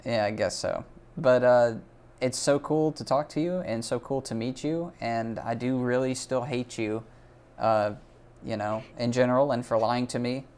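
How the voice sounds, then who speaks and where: A man hosting a casual livestreamed portfolio review, excitable and jokey, gushing over the artwork. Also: mid-range voice, normal speed, clear, resonant tone. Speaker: host of a portfolio review stream.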